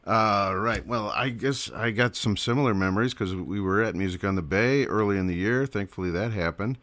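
A man's voice: fairly low pitch, fairly quick, fairly bright tone. A man hosting a radio show, chatting casually and easily, with frequent fillers and chuckles. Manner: easygoing, filler-heavy, chuckles often. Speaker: radio host. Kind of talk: casual on-air chat.

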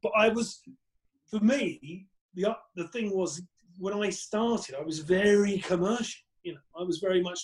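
A man's voice: sits high, moderate pace, rough recording. A man, a comedian guest on a podcast, telling rambling anecdotes in casual chat with plenty of swearing.

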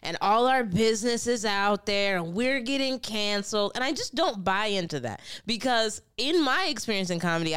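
A young woman hosting a podcast, telling stories in a casual, animated way. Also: a little high, clear, resonant tone. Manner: animated storytelling with laughs. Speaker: podcast host. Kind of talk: casual chat.

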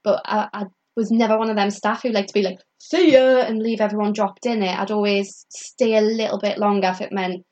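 A woman's voice: medium pitch, fairly quick, hardly any pauses, highs cut off. Chatty young woman telling stories. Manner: chatty and animated, full of "like" fillers, acts out quoted people; laughs often mid-story. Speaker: comedian guest telling stories. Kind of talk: casual chat, storytelling.

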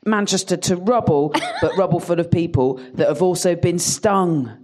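A woman's voice: fairly low pitch, normal speed. A woman comedian telling comic stories in a chat, laughing as she talks. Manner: animated, laughs through her stories.

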